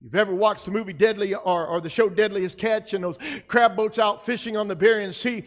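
A male pastor preaching a sermon, emphatic, his delivery swinging between soft passages and loud ones. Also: high voice, fairly even intonation, a little fast, long reverb tail. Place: church sanctuary.

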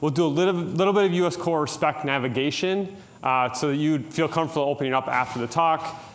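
A man's voice: on the high side, fairly quick. A middle-aged man from Minnesota giving a conference tutorial talk in a casual, joking way, with frequent "uh" and "um". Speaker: conference presenter.

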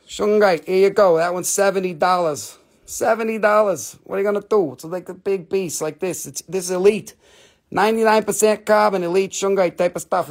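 A man voicing a brash New Jersey pizza guy with a New Jersey accent, wisecracking and swearing as he calls out prices. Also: on the high side. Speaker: seller.

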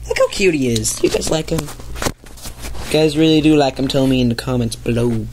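A man's voice: medium pitch, moderate pace, noisy background. A young man vlogging casually, rambling and upbeat as he talks straight to his viewers from home and then his front yard. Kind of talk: casual vlog chat.

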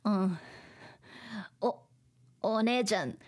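A woman teaching vocabulary through a manga, explaining slowly, repeating words and laughing often. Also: mid-range voice. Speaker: Japanese teacher. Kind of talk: manga reading lesson.

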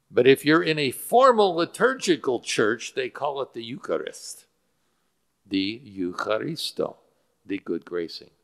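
A man's voice: medium pitch, gravelly, a bit bright. A male pastor preaching a sermon that explains Greek word roots, with frequent fillers. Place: church sanctuary. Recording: church hall with long reverb.

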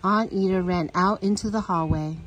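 A woman reading a children's picture book aloud, with a steady storytelling manner. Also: fairly low pitch, moderate pace, husky, rough recording.

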